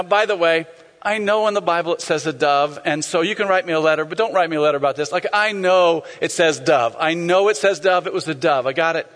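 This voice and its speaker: A man preaching a sermon as a pastor, animated, acting out scenes and sometimes shouting. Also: high-pitched, long reverb tail.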